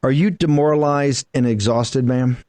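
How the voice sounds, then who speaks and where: A man's voice: medium pitch, normal speed, a little mellow, dry recording. A man hosting a talk radio show, blunt and emphatic, firing off asides as he interviews his guests.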